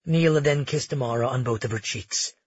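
Husky male audiobook narrator. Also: mid-range voice, brisk, no room sound, highs cut off. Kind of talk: scripted fantasy narration.

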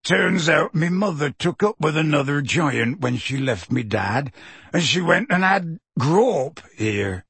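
Gentle giant, deep and rough, slow and pleading, a man putting him on, audiobook, dry sound. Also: animated, no echo, exaggerated voice. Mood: anxious. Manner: hushed, slow, earnest pleading. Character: huge gentle half-giant man, tearful and anxious. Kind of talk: audiobook character voice.

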